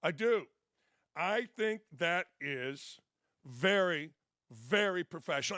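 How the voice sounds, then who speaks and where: Man, sports show host, blunt, emphatic, high, bright, dry studio sound. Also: expressive, takes it slowly, no room sound. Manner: blunt, emphatic, repeats points. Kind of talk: opinionated commentary.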